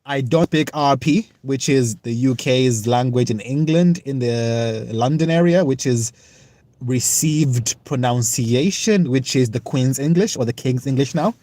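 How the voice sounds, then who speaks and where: A young man from the United Kingdom talks slowly and earnestly on a casual livestream, answering viewer comments one by one. His voice sits at a mid pitch and is captured dry and close, with no room sound around it. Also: dark tone, no echo. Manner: earnest, reflective, halting.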